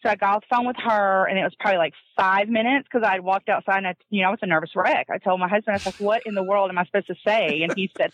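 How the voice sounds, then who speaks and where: A woman telling a personal family story in a casual, animated way, often laughing and acting out what others said. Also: medium pitch, fast talker, no echo. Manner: animated, laughs often, acts out quoted voices. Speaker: guest telling her adoption story. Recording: dull lo-fi dry recording.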